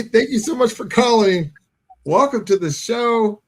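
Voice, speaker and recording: A man's voice: sits high, expressive, measured pace. A man hosting a live call-in show with a lot of lift and fall in his voice. He laughs easily and thanks every caller. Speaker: show co-host.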